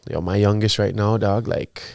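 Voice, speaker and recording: A man co-hosting a parenting podcast in casual chat, telling animated stories and using relaxed slang. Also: lowish voice, moderate pace, creaky, very noisy. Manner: animated storyteller, acts out his kids' voices, slangy. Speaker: podcast co-host, father.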